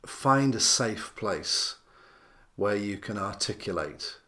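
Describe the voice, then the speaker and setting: A man's voice: on the low side, lively intonation, slow, pushed and bright. A man speaking as a minister and interview guest, earnest and thoughtful, often restarting phrases as he thinks. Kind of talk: reflective podcast interview.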